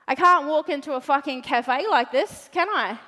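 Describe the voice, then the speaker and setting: A woman's voice: sits high, normal speed, bright, forceful tone. A woman giving a brash, swearing motivational talk on a big event stage. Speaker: motivational speaker. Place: large event hall stage. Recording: reverberant large hall.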